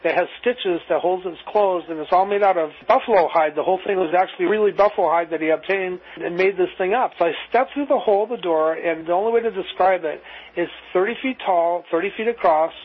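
Man, high voice, husky, rambling storyteller, acts out dialogue, muffled lo-fi recording. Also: fast talker. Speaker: interview guest. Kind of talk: anecdotal storytelling.

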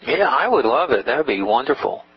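A man's voice: medium pitch, big pitch swings, brisk. A man interviewing a guest, polite and matter-of-fact, asking plain questions. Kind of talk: interview questions and playing along. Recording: dull lo-fi audio with faint hiss.

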